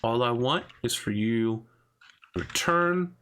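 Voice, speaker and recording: A man voicing an older male crime boss and father who speaks with cold, menacing calm. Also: mid-range voice, takes it slowly, clear, resonant tone. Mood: coldly menacing.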